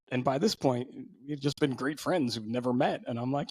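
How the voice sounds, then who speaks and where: A man's voice: mid-range voice, steady tone, normal speed, few pauses, darkish tone, no room sound. Rambling storytelling podcast co-host man. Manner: rambling storyteller, lots of fillers and restarts. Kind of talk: casual podcast chat.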